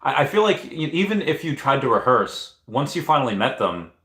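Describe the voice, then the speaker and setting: Fairly quick and sing-song, a man in his thirties runs a casual livestream, his medium-pitched voice fairly bright. He reads viewers' comments aloud and keeps hesitating and restarting lines, all in rambling chat recorded in an echoey room.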